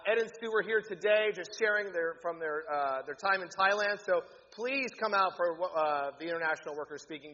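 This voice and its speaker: A pastor giving church announcements, upbeat and joking with the congregation. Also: male voice, high-pitched, bright, forceful tone, a little hiss or hum. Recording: echoey hall, dull lo-fi sound.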